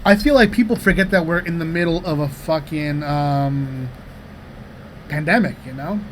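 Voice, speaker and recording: A man in his thirties co-hosting a comedy podcast, telling rambling, profane anecdotes in a casual, animated way. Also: fairly high pitch, normal speed, slight background noise. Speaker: podcast co-host.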